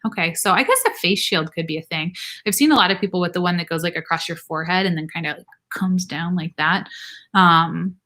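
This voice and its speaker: Young woman nurse doing a live q&a, lowish voice but bright, laughs a lot, says like constantly. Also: fairly quick. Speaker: nurse practitioner host. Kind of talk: casual live Q&A.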